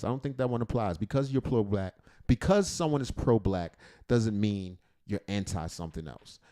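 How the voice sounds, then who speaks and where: Livestream host, adult man, lively rambling joker, pitch jumps around a lot. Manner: playful and rambling, joking then earnest. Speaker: livestream host reacting to videos. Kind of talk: casual livestream chat.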